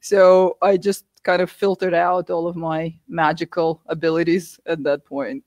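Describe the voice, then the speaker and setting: A woman from the United States, a guest telling her story candidly with animated asides. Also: lowish voice, a little slow, no room sound, muffled recording. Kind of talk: interview conversation.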